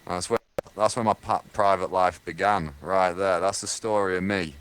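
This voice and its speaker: A man's voice: sits low, fairly even intonation, normal speed, a bit bright, a little hiss or hum. A young man from Lincolnshire, telling a rambling, crude comic tall tale full of swearing. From Lincolnshire, England.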